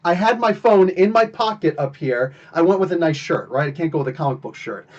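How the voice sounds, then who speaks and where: Host, male, higher register than most men, animated and emphatic in an offhand live-stream storytelling style. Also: brisk, dull audio. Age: adult, married. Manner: animated, emphatic retelling of a confrontation. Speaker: podcast host.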